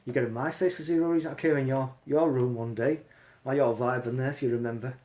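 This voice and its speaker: A man's voice: medium pitch, fairly even intonation, quick pace, warm tone. A man hosting a casual live stream from his phone, talking bluntly and swearing as he calls someone out.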